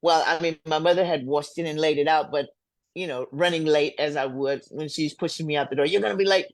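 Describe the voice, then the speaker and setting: An older woman, a singer, tells stories with animated energy and acts out the voices she quotes. She laughs easily as she talks, and her voice sounds dry and close. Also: deep voice, a little fast, no echo. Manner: laughs often while talking. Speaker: singer and guest. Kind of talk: storytelling in a casual interview.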